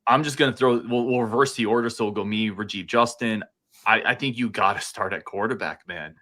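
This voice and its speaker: A man co-hosting a casual sports podcast, fired up and talking like an excited fan, a few beers in. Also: on the low side, brisk. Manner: fired-up, animated fan talk. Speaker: podcast co-host.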